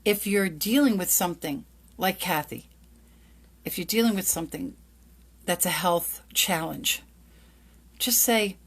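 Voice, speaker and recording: A middle-aged woman and lawyer hosting a motivational talk, upbeat, acting out little dialogues in a brighter voice. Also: on the low side, measured pace, long pauses. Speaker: lawyer and podcast host. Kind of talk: motivational monologue.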